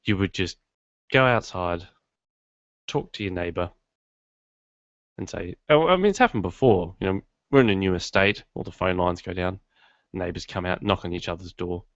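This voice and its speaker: Low-voiced man hosting a casual podcast. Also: normal speed, long pauses, no room sound. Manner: rambling, self-deprecating humour. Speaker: podcast host. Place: home studio in his garage. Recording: dull lo-fi dry sound.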